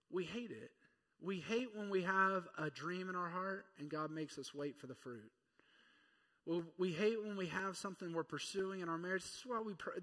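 A man's voice: sits high, a bit bright. A man in his thirties preaching a sermon in a conversational, playful way. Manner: conversational and playful, acting out quotes. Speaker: pastor. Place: church. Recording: church hall reverb.

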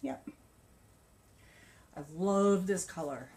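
A woman's voice: medium pitch, big pitch swings, very slow, darkish tone. A woman vlogger chatting casually about her crochet projects and yarn, gushing and laughing often. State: a bit out of breath. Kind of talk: casual show-and-tell chat.

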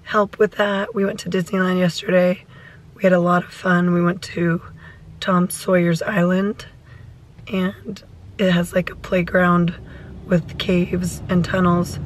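A woman in her thirties with a hoarse voice, talking softly and a little anxiously in a casual vlog. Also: lowish voice, rough recording. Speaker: vlogger mother.

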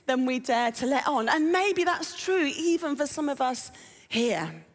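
In a big church auditorium with long, ringing reverb, a woman delivers a sermon in an easy, conversational style, repeatedly asking the congregation questions. Her fairly high voice is expressive and a little slow.

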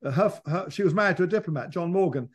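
A man with a slightly higher pitch than most men, speaking as a biographer in a conversational interview. He tells long, winding stories and often stops to restart his sentences. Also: animated, fast talker, slightly rough. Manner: thoughtful, digressive storyteller with frequent restarts.

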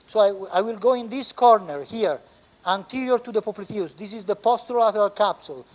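A man with an Italian accent, a surgeon explaining a knee operation step by step as he works in the operating room, pausing often. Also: high-pitched, darkish tone. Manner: explains step by step, halting with frequent pauses. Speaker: orthopedic surgeon. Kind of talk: live surgical teaching demonstration.

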